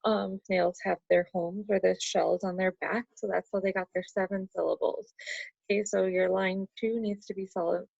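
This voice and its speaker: A woman's voice: medium pitch, little pitch movement, normal speed, vocal fry, darkish tone, no room sound. A woman teacher talking through an online class lesson, patiently explaining step by step and counting syllables aloud. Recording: dull lo-fi computer audio.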